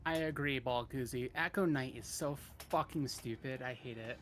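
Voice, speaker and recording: A man's voice: mid-range voice, normal speed, over music. A man playing a tabletop role-playing game, describing his character's actions in a casual way and sometimes dropping into a whisper. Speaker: player.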